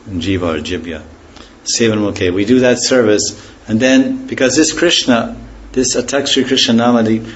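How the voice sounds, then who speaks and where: A man with a fairly low voice teaches a scripture class at an unhurried, reflective pace. He stops often to explain words, and his phrases fade softly at the ends. A faint background hiss sits under his voice. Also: low-quality recording. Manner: pauses to explain words and terms. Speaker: spiritual teacher.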